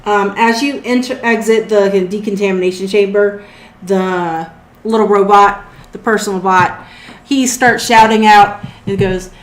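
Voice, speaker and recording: A woman narrates as game master, laying out scenes at an easy pace with small fillers. Her voice sits at an ordinary pitch, and the room around her rings a little. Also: measured pace, echoey room. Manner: relaxed, descriptive, with fillers.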